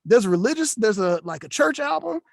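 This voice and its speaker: A man co-hosting a podcast in casual chat, animated and joking with slangy asides. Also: very high voice, normal speed, gravelly, no echo, studio quality. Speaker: podcast co-host.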